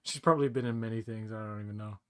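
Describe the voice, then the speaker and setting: A man co-hosting a casual movie commentary, blunt and joking, breaking into quick silly voices. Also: on the low side, steady tone, clean tone, dry recording, clean studio sound. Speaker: podcast co-host.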